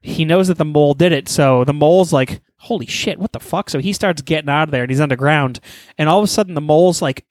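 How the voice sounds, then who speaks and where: A man's voice: a little high, quick pace, dry recording. A man animatedly retelling a story in casual chat, swearing often.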